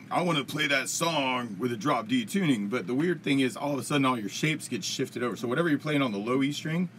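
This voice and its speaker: A man's voice: medium pitch, fairly bright tone, a little hiss or hum. An American man hosting a casual live-stream Q&A as a guitar teacher, talking in a rambling, chatty way and laughing often. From United States. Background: faint guitar strumming.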